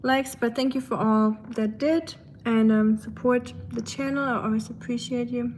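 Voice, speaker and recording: A woman's voice: fairly high pitch, steady tone, moderate pace, a little mellow, slight background noise. A woman from Germany with a German accent, chatting casually with viewers while she cooks on a phone livestream in her kitchen. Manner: chatty, reads out and answers viewers' chat, laughs often. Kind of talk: casual cooking livestream chat. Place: home kitchen. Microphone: phone on the counter.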